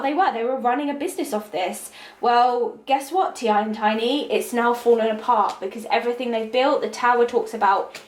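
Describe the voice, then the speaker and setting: A woman with a somewhat high voice delivers a tarot reading in a monologue. She talks intuitively, halting on fillers and then repeating words for emphasis. The recording has a noticeable room echo. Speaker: tarot reader.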